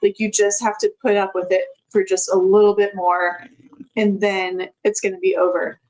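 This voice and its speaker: A woman's voice: medium pitch, level tone, moderate pace, a little mellow, poor audio. A woman telling a personal story as a podcast guest, in a chatty way with frequent laughs and many filler words.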